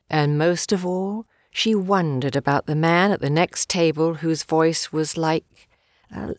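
A woman with a low, deep voice reads a novel aloud in a measured, unhurried storytelling manner. She gives the dialogue a light touch of acting while keeping the narration even. The recording is dry and close, with no room sound. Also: dry recording. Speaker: audiobook narrator.

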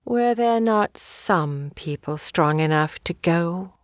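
Woman reading a novel aloud, slow and measured, dry close sound. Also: on the low side, lively intonation, no echo. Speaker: narrator. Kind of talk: audiobook reading.

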